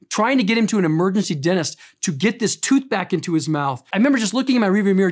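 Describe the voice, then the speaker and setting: Here a middle-aged man preaches, his storytelling earnest and emphatic as it climbs in intensity and drops back to gentle tenderness. The voice is pitched high.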